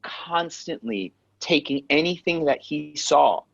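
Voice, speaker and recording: A man, an actor and acting coach, telling lively stories in a casual interview, acting out the voices and swearing freely. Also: on the high side, slow, vocal fry, no room sound. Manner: animated storyteller, acts out quotes, swears freely. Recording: dull lo-fi sound.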